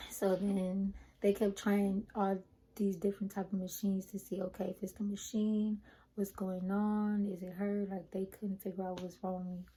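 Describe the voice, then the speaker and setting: A young woman vlogger chatting casually to her viewers, retelling a personal story in an animated way. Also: mid-range voice, unhurried, breathy edge, rough recording.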